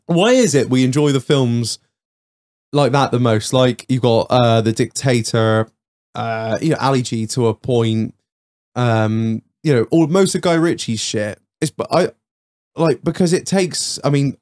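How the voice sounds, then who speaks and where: A man's voice: mid-range voice, unhurried. A man hosting a podcast, telling stories in casual banter, laughing and swearing often. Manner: laughing, swearing, lively storytelling. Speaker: podcast host.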